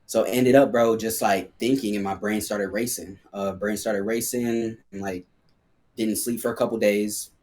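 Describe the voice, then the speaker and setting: Man, podcast guest, lowish pitch, casual slangy storytelling, loose fillers. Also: steady tone, normal speed, darkish tone, a little hiss or hum. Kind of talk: candid personal storytelling.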